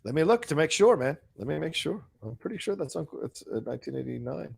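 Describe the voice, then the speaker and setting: A man's voice: a little high, big pitch swings, gravelly, darkish tone, slightly rough. A man co-hosting a podcast in casual chat, enthusiastic and swearing, a bit stuffed up. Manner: enthusiastic, swearing, quick reactions. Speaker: podcast co-host.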